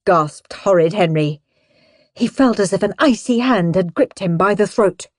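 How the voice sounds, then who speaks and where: Woman audiobook narrator, unhurried and lively, dry close-miked read. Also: mid-range voice, dry recording. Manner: expressive, playful storytelling. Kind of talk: scripted narration.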